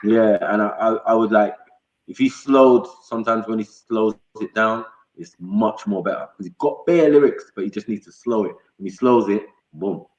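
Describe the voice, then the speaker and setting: A man's voice: on the low side, normal speed. A man hosting a livestream, chatting casually in slang and freestyling. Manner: slangy, laid-back, repeats "you get me". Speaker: livestream host. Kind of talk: casual chat and freestyle rap. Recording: roomy, dull lo-fi stream audio with faint music.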